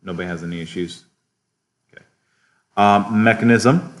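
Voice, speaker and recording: A man teaching a biochemistry lecture to a class, relaxed, checking in with students often and chuckling at his own asides. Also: lowish voice, moderate pace.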